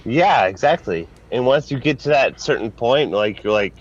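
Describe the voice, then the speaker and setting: A man's voice: medium pitch, expressive, normal speed, husky, lo-fi sound. A young man in a casual group chat, blunt and profane, using slang. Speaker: podcast panelist.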